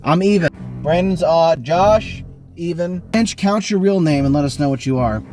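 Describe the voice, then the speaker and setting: A man's voice: normal speed, soft background music. Man reading a spooky kids' book aloud. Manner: animated reading, bursts of speed and pitch jumps. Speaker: game host reading the book. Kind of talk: reading a choose-your-own-adventure book aloud. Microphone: online voice call.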